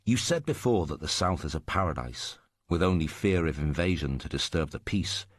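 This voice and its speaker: A man voicing Ironheart Yang, a calm, handsome young man who speaks in a measured, earnest way. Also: very deep voice, no room sound, clean studio sound.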